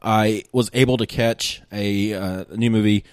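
A man's voice: on the low side, fairly even intonation, unhurried, clear, resonant tone, dry recording, studio quality. A man co-hosting a podcast, reviewing TV and movies in a rambling, casual way, full of fillers and restarts. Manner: rambling, hesitant with many fillers. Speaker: podcast co-host. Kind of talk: casual chat reviewing TV and film.

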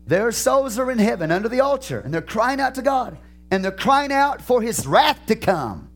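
A man pastor preaching a sermon in a church, fervent and questioning, with shouted peaks and slow drawn-out phrases. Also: very high voice, big pitch swings.

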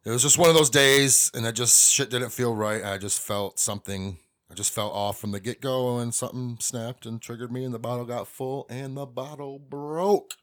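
A man's voice: on the low side, fairly bright tone. A middle-aged man hosting a podcast, talking through a personal story in a rambling, profane, confessional way. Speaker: podcast host. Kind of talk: casual monologue.

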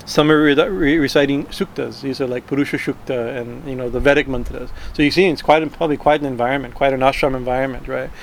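Guy teaching a scripture class, mid-pitched, keeps saying right?, bit of traffic noise behind. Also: poor audio. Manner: rambling, frequent "right?" tags and restarts. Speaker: spiritual teacher.

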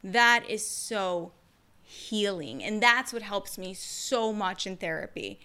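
Bright, crisp, energetic young woman. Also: medium pitch. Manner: energetic and expressive, talks fast with laughs and playful asides. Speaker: vlogger sharing her story. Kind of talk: casual personal storytelling to camera.

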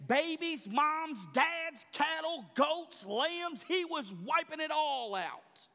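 A man preaching a sermon as pastor, swinging from quiet murmurs to loud, high shouting in a dramatic, colloquial preaching style. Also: animated, takes it slowly, gravelly, long reverb tail.

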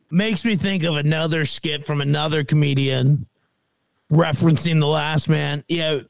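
A man's voice: a little high, steady tone, measured pace, creaky, no echo. A man co-hosting a podcast in casual chat, wry and teasing, firing off questions. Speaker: podcast co-host.

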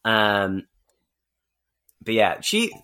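A man's voice: on the low side, very animated, drawn-out words, pushed and bright, smooth. A man hosting a casual podcast chat, rambling with lots of "like" and restarts.

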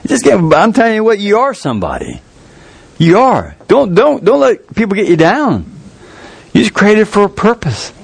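A man preaching a sermon in a folksy, earnest way, jumping up in pitch to stress a point. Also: wildly swooping pitch, gravelly, breathy edge. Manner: folksy, earnest, with quick rises in pitch for emphasis.

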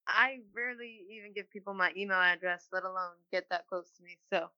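Bright-voiced woman, blunt and dry. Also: mid-range voice, fairly quick, no room sound, dull audio. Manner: dry, blunt, guarded remarks. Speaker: podcast co-host. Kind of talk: casual chat.

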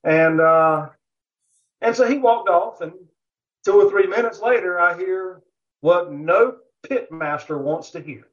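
A man's voice: sits high, unhurried. A man, a guest on a barbecue podcast, telling a rambling story in a casual interview, full of fillers and asides. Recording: dull lo-fi audio.

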